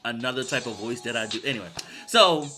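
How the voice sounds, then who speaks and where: A man's voice: mid-range voice, fast. A man vlogging a loose, digressive storytime, full of fillers and asides, as the channel's host. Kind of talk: rambling storytime monologue. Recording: music playing underneath.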